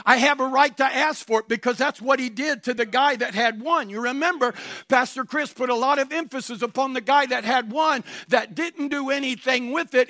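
A male pastor preaching a sermon to his congregation, full of rhetorical questions and bursts of shouting. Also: very high voice, no room sound, clean studio sound. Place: church sanctuary before a congregation.

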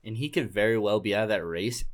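A man's voice: on the low side, fast talker. A man co-hosting a casual sports podcast, ranting bluntly with plenty of swearing and jokes. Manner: blunt, profane, jokey ranting. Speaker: podcast co-host.

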